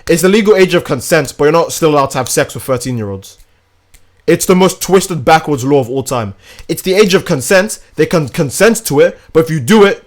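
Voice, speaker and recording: Brash male game streamer, crude and animated. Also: on the high side. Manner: animated, crude, reacts to chat and gameplay. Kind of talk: casual live-stream commentary while gaming.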